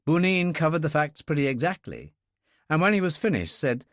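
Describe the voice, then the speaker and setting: A man narrating a thriller audiobook in a steady, expressive reading. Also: on the high side, a little fast, dry recording, studio quality. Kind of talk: scripted narration.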